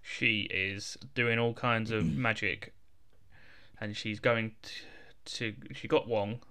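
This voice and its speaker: A man co-hosting a casual film chat, with a lowish voice that still comes across bright and clear. He is laid-back and jokey, dropping into the characters' lines in offhand asides. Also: steady tone, slow pace. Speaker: podcast co-host.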